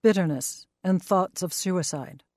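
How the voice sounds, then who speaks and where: Documentary narrator, calm scripted read, warm tone, dry close sound. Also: medium pitch, measured pace, no echo.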